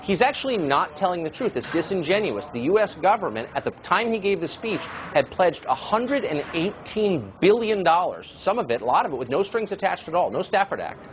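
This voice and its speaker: A man's voice: sits high, sing-song, fairly quick. A man arguing his point insistently as a guest in a heated cable news debate. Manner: insistent, emphatic, argumentative. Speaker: political commentator guest. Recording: slightly dull broadcast audio with faint noise.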